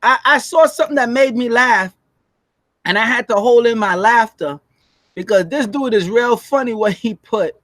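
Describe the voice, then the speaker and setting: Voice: mid-range voice, normal speed, fairly bright tone, no room sound. A co-host in a casual commentary chat who laughs often, talks emphatically and preaches to the audience.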